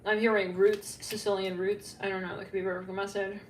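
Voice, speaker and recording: A woman's voice: mid-range voice, level tone, quick pace. Rambling tarot reader woman, echoey room. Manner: rambling, filler-heavy, laughs at herself. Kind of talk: casual psychic tarot reading to camera. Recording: echoey room, faint background hum.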